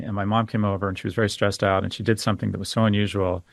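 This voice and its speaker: A man's voice: on the low side, level tone, rapid-fire, creaky, no echo, studio quality. A middle-aged man, a guest on a podcast interview, speaking in a candid, opinionated way and telling stories. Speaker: guest financial expert.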